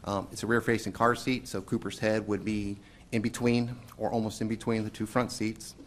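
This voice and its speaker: A man, a police investigator, giving courtroom testimony in a measured way, with frequent hesitant pauses. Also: fairly low pitch, flat delivery, a little hiss or hum.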